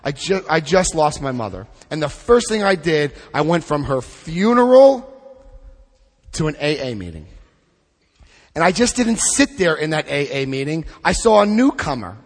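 A middle-aged man leading a recovery group through a book study, speaking with emphatic, drawn-out stresses and asking the room questions. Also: fairly high pitch, very animated, long reverb tail. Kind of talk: impassioned recovery talk to a group.

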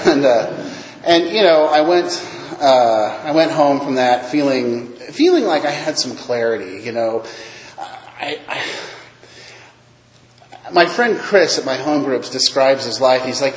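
A man's voice: mid-range voice, animated, slow. A man telling his recovery story at a meeting, self-mocking, acting out the other voices in his tale. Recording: echoey hall.

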